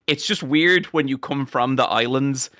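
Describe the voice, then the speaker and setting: A man's voice: medium pitch, unhurried, sharp tone, no echo, clean studio sound. A man with an Irish accent, a podcast guest in casual chat, telling stories and acting out both sides. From Ireland.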